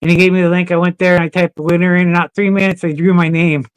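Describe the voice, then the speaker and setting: His voice sits high and sounds clear and resonant, delivered fast with no room sound. The man is a podcast guest, casually telling stories while swearing freely and laughing a lot.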